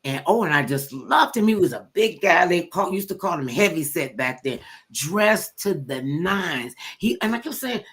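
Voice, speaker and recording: An older woman hosting a talk show, telling stories in blunt, animated casual chat and acting out quotes. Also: lowish voice, normal speed, hardly any pauses.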